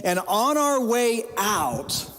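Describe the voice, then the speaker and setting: A man's voice: extremely high pitch, big pitch swings, takes it slowly, pushed and bright. A man preaching a sermon as pastor, telling stories with humor at his own expense. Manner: humorous, self-deprecating storytelling. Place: church sanctuary. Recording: long reverb in a church hall.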